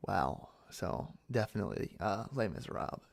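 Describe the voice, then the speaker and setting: A man's voice: fairly low pitch, lively intonation, moderate pace, creaky. A young man from central Pennsylvania answering viewer comments in a rambling casual chat, full of fillers and restarts. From central Pennsylvania, United States. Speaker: ASMR channel host.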